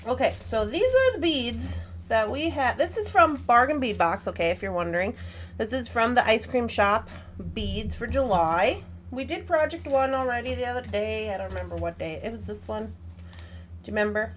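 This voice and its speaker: Hosting a live craft tutorial from home, a woman chats cheerfully and animatedly with her viewers and her pet. Her voice is fairly high and moves at normal speed, with slight background noise.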